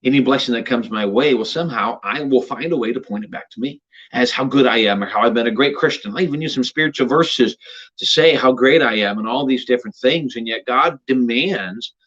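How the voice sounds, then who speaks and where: Earnest husky-voiced male pastor preaching. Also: mid-range voice, a little fast, highs cut off. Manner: earnest, builds to emphatic rises then drops to a hush. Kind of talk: devotional sermon.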